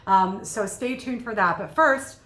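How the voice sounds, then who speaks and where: Energetic woman coach in an echoey room. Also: mid-range voice. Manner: energetic, conversational, quick bursts. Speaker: communication coach. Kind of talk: video lesson commentary.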